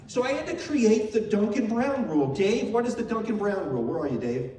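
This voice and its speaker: A man's voice: high voice, very animated, fairly quick, dark tone. An older man telling heartfelt, emotional stories in a memorial tribute, repeating phrases as he speaks. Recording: very echoey hall, voice from far off.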